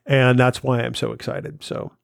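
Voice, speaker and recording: A man co-hosting a casual podcast chat, upbeat and running quick promo plugs. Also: medium pitch, flat delivery, gravelly, no room sound, clean studio sound. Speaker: podcast co-host.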